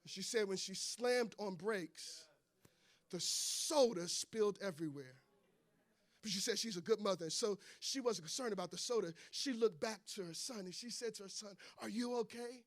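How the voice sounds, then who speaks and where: A preacher delivering a sermon, telling stories in a conversational way and building to emphatic declarations. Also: male voice, sits high, normal speed.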